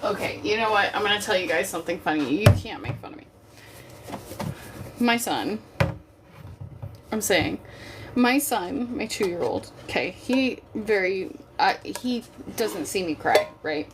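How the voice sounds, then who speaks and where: A young woman chats with her live viewers while she cleans, calling them y'all and swearing freely. Her voice sits at an ordinary middle pitch. A steady hum of background noise runs under the recording. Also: measured pace, long pauses. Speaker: livestream host. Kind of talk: casual chat to a live chat.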